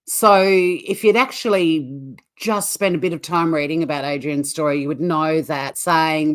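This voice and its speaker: Low-voiced Australian woman, blunt and sweary. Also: unhurried. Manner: blunt, swears, laughs often. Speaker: channel co-host. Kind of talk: casual reaction chat.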